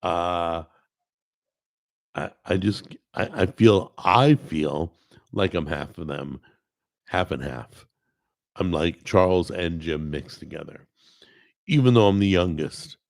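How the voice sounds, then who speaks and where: A man's voice: low voice, slow, vocal fry, long pauses, no echo. A man hosting a live stream, chatting casually and rambling, greeting people in the chat and often correcting himself. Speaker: host.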